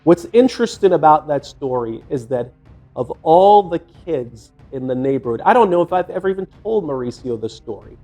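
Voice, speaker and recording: An older man spins a loose, profane story from his youth in a slightly high voice, circling back with fillers and restarts. Soft music plays faintly under his talk. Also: animated, normal speed. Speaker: fitness vlogger. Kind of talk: casual storytelling.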